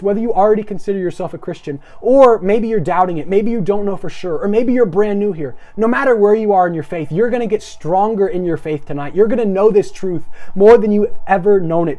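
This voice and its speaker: High-voiced excited young male preacher. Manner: energetic, asks viewers to repeat phrases. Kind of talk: live-streamed sermon.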